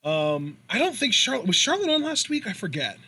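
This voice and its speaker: A man's voice: sits high, sing-song, fairly quick, pushed and bright, slightly rough. A man co-hosting a casual wrestling podcast, matter-of-fact and dryly quipping. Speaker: podcast co-host.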